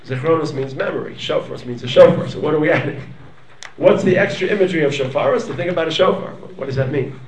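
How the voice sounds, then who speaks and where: A man teaching a lively Torah class, dramatic in his delivery, swinging from low murmurs up to near-shouts. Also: quick pace, roomy sound, distant mic. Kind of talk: animated Torah lecture.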